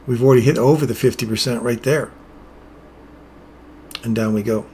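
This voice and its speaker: A man talking through live trades in a loose, chatty way, mid-pitched, greeting viewers in the chat between explanations. A faint hum of room ambience sits under his voice. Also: fairly even intonation, normal speed, a little mellow. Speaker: trading streamer. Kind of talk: live trading commentary.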